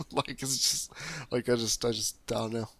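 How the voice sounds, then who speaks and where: A man co-hosting a podcast in casual chat, halting and repeating words, laughing often. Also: mid-range voice, fairly even intonation, fairly bright tone. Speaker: podcast co-host.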